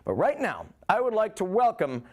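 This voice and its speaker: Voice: medium pitch, huge pitch swings, moderate pace. A show host introducing comics in an upbeat announcing manner. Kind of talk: introducing acts.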